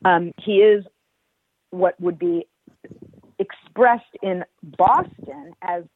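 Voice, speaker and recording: A middle-aged woman, a former football team executive, speaking as a podcast guest in a measured, emphatic way with precise wording. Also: lowish voice, breathy edge. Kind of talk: podcast conversation. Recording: tinny phone-like line.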